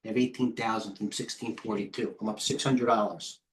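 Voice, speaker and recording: A man's voice: lowish voice, fairly even intonation, fairly quick. A middle-aged man hosting a live trading stream, tired, rambling off the cuff as he jumps between stock tickers. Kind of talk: live market commentary.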